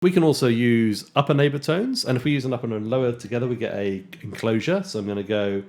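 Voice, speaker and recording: A man teaching jazz guitar in a relaxed way, counting beats aloud and scatting rhythms. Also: mid-range voice, fast talker. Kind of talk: casual instructional talk with counting and scatting. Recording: guitar playing underneath speech. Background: loud guitar music.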